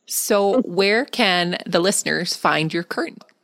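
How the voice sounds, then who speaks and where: A woman's voice: lowish voice, a little slow, no echo. A woman with a Canadian accent hosting a podcast interview, asking questions and encouraging her guest. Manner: warm, encouraging, affirming. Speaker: podcast host.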